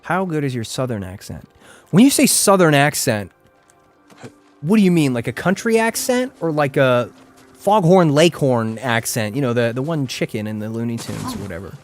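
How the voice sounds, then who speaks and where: A man's voice: medium pitch, sing-song, moderate pace, soft background music. A man streaming a game live, chatting casually and rambling with lots of "like" as he plays. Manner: chatty, rambling, heavy use of "like". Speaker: gaming streamer. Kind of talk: casual live gameplay commentary.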